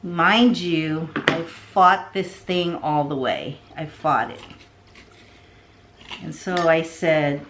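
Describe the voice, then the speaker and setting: A middle-aged woman telling a long story in a casual, rambling way while she arranges plants, often dropping into soft asides. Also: low-pitched, slow pace, background noise. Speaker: succulent vlogger.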